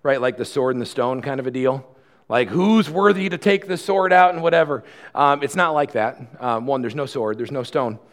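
A man preaching a sermon in a conversational style, swinging from loud, fast passages to quiet, slow ones. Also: mid-range voice. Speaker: pastor.

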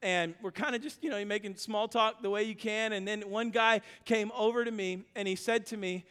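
A male pastor preaching a sermon. He tells stories with stammered restarts, then builds to loud, urgent, repetitive exhortation. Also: high-pitched, steady tone, normal speed, clear, resonant tone, long reverb tail.

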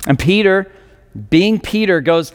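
A man's voice: high-pitched, measured pace, clean tone, long reverb tail. A male pastor telling a scripture story in a sermon, with many restarts and fillers.

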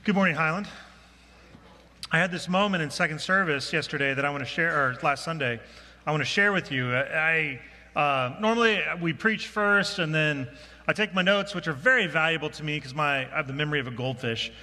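Bright-voiced male pastor in a reverberant church. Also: a little high, a little fast. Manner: self-deprecating, conversational, with restarts. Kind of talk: sermon. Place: church sanctuary.

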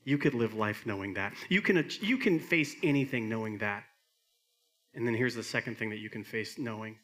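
A man's voice: medium pitch, brisk. Earnest middle-aged male pastor preaching. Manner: earnest, rising to emphatic peaks, dropping to soft quiet lines. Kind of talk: sermon.

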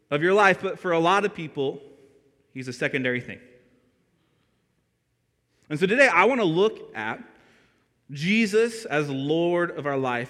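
A young adult man preaching a sermon as a pastor, telling a story with lively energy and asking the congregation questions. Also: fairly high pitch. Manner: animated storytelling, asks the room questions. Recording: long reverb of a church hall.

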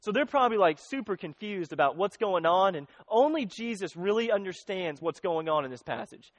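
Man preaching, fairly high voice, conversational and earnest, dry close sound. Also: expressive, brisk, no room sound. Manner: conversational, earnest, with many restarts. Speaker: pastor. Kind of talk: sermon.

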